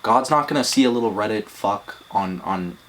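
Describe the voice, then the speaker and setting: A man's voice: lowish voice, normal speed, slight background noise. Male podcast co-host, blunt and profane, fired up. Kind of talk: casual podcast chat.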